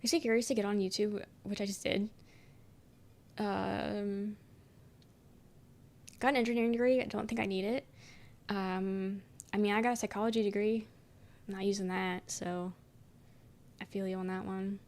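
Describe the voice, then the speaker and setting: This young woman streamer is just yapping with chat and reading out viewer messages, rambling through plenty of "um" and "like" and casual swearing. Her voice is medium in pitch and darkish, with a steady tone, a moderate pace, and frequent pauses.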